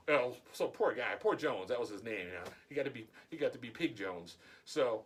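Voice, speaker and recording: A man's voice: medium pitch, sing-song, fairly quick, few pauses, a little hiss or hum. A man vlogger telling a story in a casual, chatty way, chuckling often.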